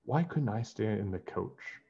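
A man's voice: lowish voice, expressive, unhurried, vocal fry, warm tone, breathy edge, highs cut off, heavily acted. A man voicing an eager, brave young palace maid girl, read aloud from a storybook. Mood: plucky. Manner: eager, plucky.

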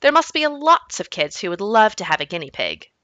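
An anxious, placating mother from a children's storybook, pitched high and quick to soothe, as a woman reads her aloud. Her lines swing up and down with a bright, forceful tone. The voice sits dry and close. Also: sing-song, no echo, lo-fi sound. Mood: nervous. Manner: high, nervous and eager to smooth things over. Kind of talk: reading a children's book aloud.

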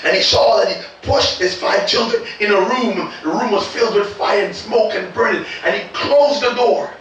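A pastor preaching a sermon, calling out to the congregation and swinging from quiet storytelling to shouted peaks. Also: male voice, high-pitched, moderate pace, faint music behind. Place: church sanctuary. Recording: echoey church hall, distant mic.

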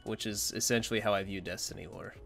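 A man's voice: fairly low pitch, steady tone, fast, vocal fry, fairly bright tone, faint music behind. A man giving casual, rambling opinion commentary as a gaming content creator, blunt and dismissive.

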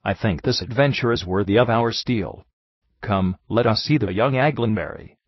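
A man voicing an excitable middle-aged French detective who talks in quick, eager exclamations, with a husky voice. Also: lowish voice, dry recording, highs cut off. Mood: urgent.

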